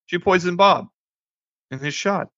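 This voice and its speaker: A man co-hosting a casual movie review podcast, animated and often laughing as he acts out scenes. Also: sits high, a little slow, no echo, highs cut off. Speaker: podcast co-host.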